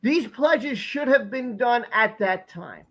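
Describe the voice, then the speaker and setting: A man's voice: extremely high pitch, animated, takes it slowly, fairly bright tone. A man hosting a live stream, asking rhetorical questions in a repetitive, casual way.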